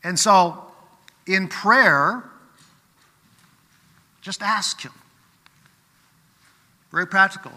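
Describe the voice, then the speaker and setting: A man's voice: high voice, drawn-out words, long pauses, bright, forceful tone, in a large hall. A man preaching a sermon in a conversational way, often checking in with rhetorical questions.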